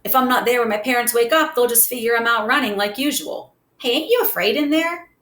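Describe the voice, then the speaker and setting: A woman's voice: on the high side, fairly quick, a bit bright, pitched above the performer's own voice, natural voice. A woman voicing a tough, streetwise boy who talks in boastful slang. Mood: brash. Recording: roomy echo.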